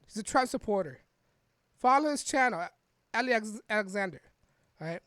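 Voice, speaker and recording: A woman's voice: medium pitch, animated, a little fast, a bit bright, dry recording. Rambling woman podcaster, dry close sound. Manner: rambling, frequent restarts and "right?" tags. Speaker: podcast host. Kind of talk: casual political commentary reading an article.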